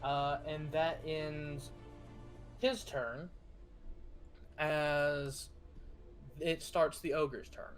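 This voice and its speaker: A man's voice: fairly high pitch, little pitch movement, extremely slow, long pauses, soft background music. A man narrating and running a tabletop game as game master, describing actions with lots of fillers and restarts. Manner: narrates actions with frequent fillers and self-corrections.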